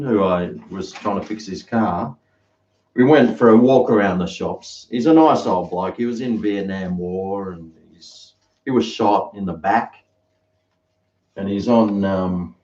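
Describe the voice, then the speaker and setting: In his home kitchen, an Australian man chats casually to live-stream viewers, rambling and telling stories. His voice is lowish and mellow, and the recording sounds roomy, dull and lo-fi.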